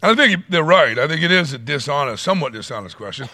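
Animated pastor preaching. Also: male voice, fairly high pitch, quick pace, no echo. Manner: animated, dramatic voice swings, acts out quotes. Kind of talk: sermon.

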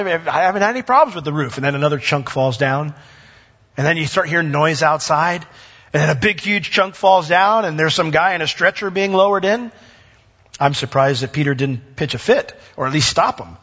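A man's voice: on the high side, pushed and bright, breathy edge. A man giving a conversational sermon, retelling scripture and acting out the people in it. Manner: conversational storytelling, acting out characters with a raised voice. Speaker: preacher. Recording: dull sound with long hall reverb.

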